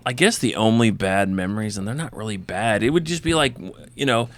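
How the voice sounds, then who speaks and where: Man with a gravelly voice chatting. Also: fairly low pitch, fairly quick. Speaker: podcast co-host. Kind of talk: casual chat.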